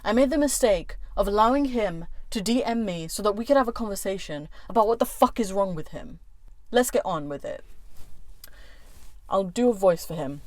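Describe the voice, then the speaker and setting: Indoors in a warm room, a woman YouTuber delivers a furious rant vlog, swearing hard and hitting every word with emphasis. Her medium-pitched voice is expressive and a little mellow, moving at normal speed on a dry recording.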